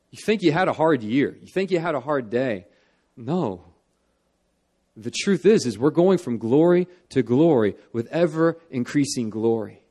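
A young man preaching a sermon in church. He talks earnestly, lifting his voice for emphasis and dropping it low for solemn parts. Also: darkish tone.

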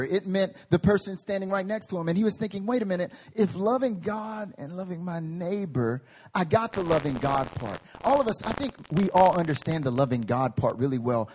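Animated male preacher, slightly husky. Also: high-pitched. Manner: animated and conversational, with humorous tangents. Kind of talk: sermon. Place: meeting hall.

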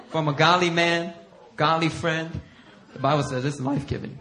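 A middle-aged male pastor preaching a sermon. He tells stories against himself in an animated way and acts out what other people said. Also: fairly high pitch, a little fast, hardly any pauses, a crowd in the background. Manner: animated self-deprecating storytelling, acting out others' lines. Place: church sanctuary.

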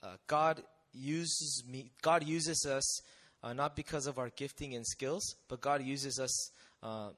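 A young man telling a personal testimony to an audience in a conversational, animated way, often checking in with rhetorical questions. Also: medium pitch, takes it slowly, few pauses. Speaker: missionary speaker.

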